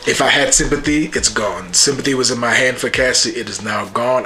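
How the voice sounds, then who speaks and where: A man giving a casual, joking recap and reaction to a TV episode, animated and full of slang. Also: medium pitch, moderate pace. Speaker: YouTube TV reviewer.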